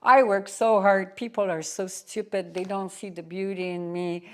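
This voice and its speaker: A woman's voice: medium pitch, steady tone, normal speed, close to an everyday voice. A woman acting out the inner voice of a young woman dancer talking to herself. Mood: frustrated. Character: young woman dancer, anxious then joyful.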